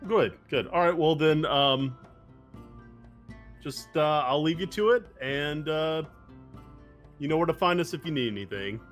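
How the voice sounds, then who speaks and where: A man's voice: a little high, lively intonation, measured pace, long pauses, fairly bright tone, soft background music. A man playing a tabletop game, speaking in character with a hesitant, stammering manner. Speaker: player. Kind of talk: casual role-play chat.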